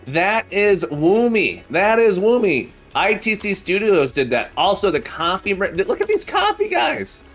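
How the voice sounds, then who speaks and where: A man hosting a livestream, chatting casually and cheerfully greeting viewers by name, sometimes drawing out names in a sing-song way. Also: high-pitched. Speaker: livestream host. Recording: soft background music. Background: background music.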